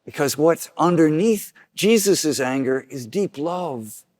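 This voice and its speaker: Man, priest preaching a homily, earnest, slightly high voice, dry close sound. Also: expressive, slow pace, a little mellow, no room sound. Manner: earnest preaching, acts out quoted voices with rising pitch.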